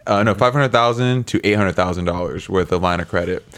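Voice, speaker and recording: A man with a fairly low voice tells a story in loose, casual chat. He rambles, restarts and swears freely. He chuckles through the telling. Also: a little fast, fairly bright tone. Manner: rambling, profane, laughs through his stories.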